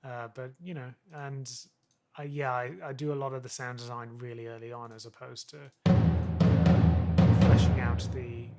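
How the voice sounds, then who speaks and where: A man's voice: mid-range voice, level tone, measured pace, warm tone. A man chatting casually with a colleague in a studio, rambling with many fillers. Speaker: co-host and fellow composer. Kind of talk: casual working chat. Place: music studio. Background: music playback.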